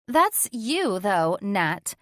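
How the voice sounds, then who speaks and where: A woman's voice: mid-range voice, big pitch swings, extremely slow, fairly bright tone, no room sound, clean studio sound, exaggerated voice. A woman voicing a smug, tipsy woman friend who is catty and teasing, stretching her words condescendingly.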